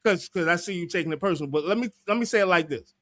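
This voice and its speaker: A man's voice: high-pitched, very fast, a bit bright, dry recording, studio quality. A man hosting a livestream panel, arguing emphatically and repeating his points with profanity. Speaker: livestream show host. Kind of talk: heated panel discussion.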